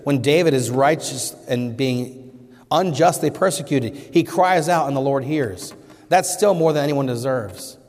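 In a hall full of long reverb, a pastor delivers an earnest sermon in an animated, mid-range voice with a darkish tone, moving a little slowly. When he quotes scripture, he lifts his voice emphatically.

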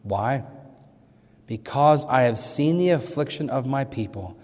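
In a hall full of long reverb, a pastor gives an earnest sermon at a measured pace, pushing his voice up emphatically when he cites scripture. His mid-range voice is animated and darkish in tone.

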